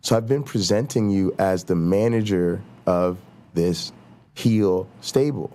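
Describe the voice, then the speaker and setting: A man's voice: sits low, slow pace, dark tone. Heated man ranting on his show. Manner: heated, repetitive, talks in restarts and mock quotes. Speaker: show host. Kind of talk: ranting casual talk show monologue.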